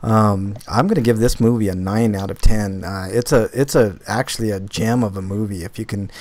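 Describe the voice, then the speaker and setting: A man's voice: lowish voice, brisk. A man hosting a casual podcast, reviewing movies and telling stories with lots of fillers and restarts. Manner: rambling, filler-heavy, animated when retelling stories. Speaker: podcast host.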